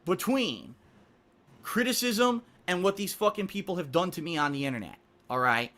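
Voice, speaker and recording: A man's voice: high voice, expressive, moderate pace, fairly bright tone. A man giving an emotional, indignant speech to camera as a content creator, repeating himself for emphasis.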